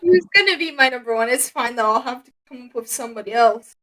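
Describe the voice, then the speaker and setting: A woman's voice: on the high side, expressive, quick pace, a bit bright. A young woman co-hosting a podcast in casual chat, hesitant and joking, with frequent fillers. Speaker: podcast co-host.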